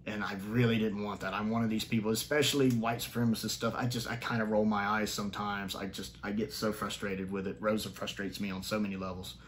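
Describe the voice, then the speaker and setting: A man giving a casual spoken review of a TV episode, opinionated and thinking aloud, often restarting and jumping up in pitch to stress a point. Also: flat delivery, fast talker, hardly any pauses, a little hiss or hum.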